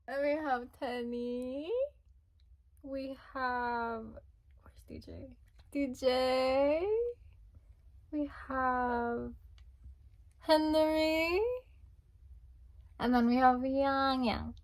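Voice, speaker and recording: A young woman chatting casually as she unboxes albums, gushing and squealing with excitement. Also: high-pitched, slow, long pauses.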